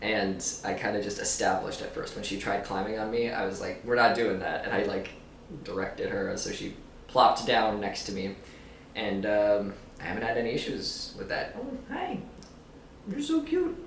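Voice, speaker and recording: A man's voice: lowish voice, flat delivery, moderate pace, distant mic, a little hiss or hum. A man vlogging in casual chat, rambling loosely, swearing and laughing often. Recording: roomy echo, a bit off-mic, faint ambience.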